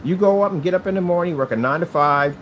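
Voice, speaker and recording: A man's voice: sits high, quick pace, a bit bright, slight background noise, low-quality recording. A man from the United States talking in a rambling, emphatic vlog monologue about his hobby channel. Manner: emphatic, repetitive ranting. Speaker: hobby crafter and channel owner.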